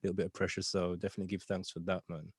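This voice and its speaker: A man's voice: low-pitched, level tone, very fast, husky, no echo, clean studio sound. A British man hosting a casual interview, chatty and friendly, often repeating "you know what I mean". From United Kingdom. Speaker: podcast host.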